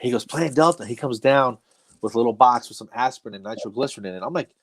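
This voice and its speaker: The middle-aged comedian guest speaks at a quick pace in a medium pitch. Chatting casually, he tells a lengthy story at his own expense and laughs throughout.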